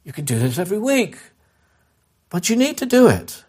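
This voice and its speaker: A man preaching a sermon as a pastor, earnest and direct, repeating key phrases and urging listeners, who drops to a soft, slow voice when leading prayer. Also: sits high, big pitch swings, husky.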